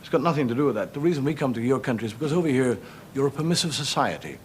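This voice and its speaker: A man's voice: mid-range voice, lively intonation, very fast. A man with an Irish accent telling jokes in a dry, wry stand-up monologue. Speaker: comedian. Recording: noisy old television recording.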